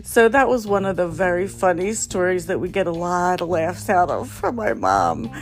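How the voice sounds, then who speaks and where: A woman's voice: on the low side, lively intonation, normal speed, a little hiss or hum. A middle-aged woman from the Philadelphia area telling a family story casually, rambling with fillers and laughing often. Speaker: storyteller, podcast host.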